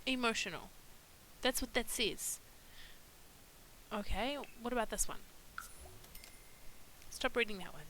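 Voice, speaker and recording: A woman's voice: a little high, unhurried, pauses often, pushed and bright, slight background noise, rough recording. A woman giving casual let's-play commentary, chatting to her game characters and laughing often. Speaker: gaming YouTuber.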